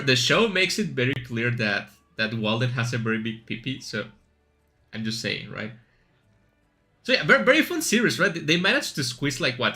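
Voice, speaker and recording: A male streamer with a bright, forceful voice rambles casually through his thoughts while playing, full of fillers and asides. Faint game music runs quietly behind him. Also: mid-range voice. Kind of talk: casual chat while gaming.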